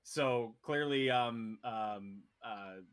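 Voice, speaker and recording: A man's voice: mid-range voice, drawn-out words, fairly bright tone, clean tone. A man narrating as game master in a casual, hesitant way with many fillers.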